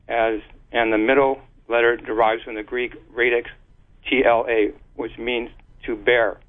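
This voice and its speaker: A man speaks as an interview guest, laying out his theory haltingly with frequent restarts and spelled-out letters. His voice sits in a middle pitch. It comes through a narrow, tinny phone line.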